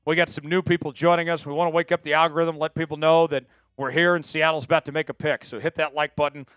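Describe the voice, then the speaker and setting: A man's voice: on the high side, quick pace, smooth, no echo. A man hosting a live draft stream, chatting casually with viewers and hyping each pick. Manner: chatty, excitable, hypes viewers for likes.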